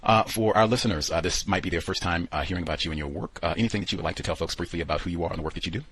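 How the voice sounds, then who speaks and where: A man's voice: sits low, rapid-fire, fairly bright tone, breathy edge, no echo, rough recording. A man hosting a radio talk program, telling stories animatedly with lots of quoted asides and fillers. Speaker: radio show host.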